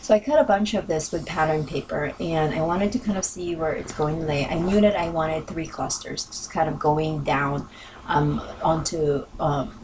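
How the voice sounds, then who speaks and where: A woman talking through her crafting process in a loose, chatty voice-over, full of ums and little corrections. Her voice sits a little low and sounds worn from hours of talking. She is a bit back from the microphone, with a clear hum of noise under her. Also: far from the mic. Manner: chatty, rambling with many ums and self-corrections. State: losing her voice. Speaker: crafting video host. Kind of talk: casual voice-over narration.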